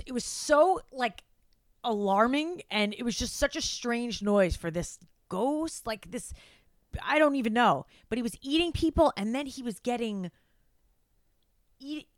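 Animated woman, chatty film recap. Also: normal speed, no room sound. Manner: animated, acts out quotes in a high frantic voice. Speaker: podcast co-host. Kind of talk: casual chat recapping a film.

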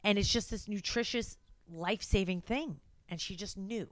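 A woman's voice: moderate pace, no room sound. Woman gushing about a movie on a podcast, dry close sound. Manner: animated, acts out quotes in a high frantic voice. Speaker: podcast co-host. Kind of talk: casual chat recapping a film.

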